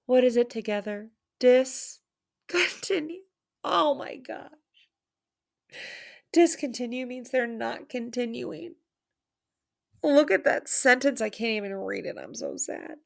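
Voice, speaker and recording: A woman's voice: on the high side, slow, creaky, long pauses. A woman teacher giving an online reading lesson for children, playful and theatrical, with dramatic mock sadness.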